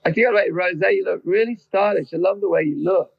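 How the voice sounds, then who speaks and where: Australian male interviewer, high voice, effusive, rambling questions, slightly dull lo-fi sound. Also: fast talker, creaky, breathy edge. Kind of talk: conversational interview.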